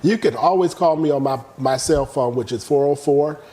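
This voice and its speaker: A man's voice: on the high side, moderate pace. A middle-aged man, a guest in a casual interview, telling a story and acting out the quotes. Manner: animated storyteller who acts out quotes. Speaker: real estate guest.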